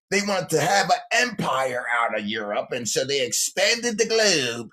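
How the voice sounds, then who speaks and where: Brash guy ranting on his livestream, slangy, pitch jumping all over. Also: big pitch swings, a little slow, few pauses, bright, forceful tone. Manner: brash, slangy, laughing often. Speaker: livestream host. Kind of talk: casual livestream rant.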